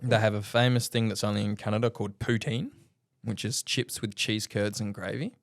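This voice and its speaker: A man's voice: lowish voice, steady tone, a little fast, creaky, no echo, studio quality. A young man from Australia co-hosting a casual podcast, joking and reading segment notes. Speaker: podcast co-host. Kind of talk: casual chat.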